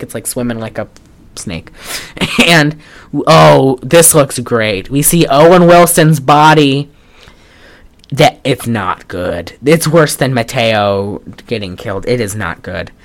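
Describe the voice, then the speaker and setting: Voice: medium pitch, animated, a little slow. A podcast co-host recapping a film in casual chat, rambling with lots of "like" and wry, sarcastic asides. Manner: trails off and restarts often.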